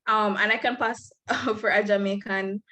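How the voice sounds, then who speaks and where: A woman's voice: medium pitch, steady tone, unhurried, bright, forceful tone, poor audio. A young woman from Belize, giving frank, earnest advice to new students on a video call. She speaks candidly and laughs lightly now and then.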